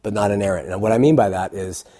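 A man's voice: fairly low pitch, quick pace, warm tone. A middle-aged man who hosts a call-in show, talking bluntly and emphatically as an interview guest. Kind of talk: casual interview talk.

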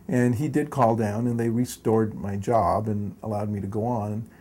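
A man's voice: fairly low pitch, steady tone, moderate pace, warm tone, slight background noise. An older man telling stories from his past in a long interview, rambling and correcting himself, chuckling as he goes. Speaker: interview guest.

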